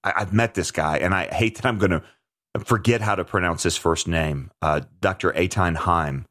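A talk show host delivers conversational commentary in a low, slightly bright voice at a moderate pace. He speaks earnestly and emphatically, often restarting his sentences.

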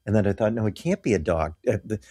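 A man's voice: fairly low pitch, fast, dark tone, slightly rough. A man talking as a guest, earnestly telling personal stories and acting out the voices of the people he quotes. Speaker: guest telling of mission trips. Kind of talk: animated personal storytelling.

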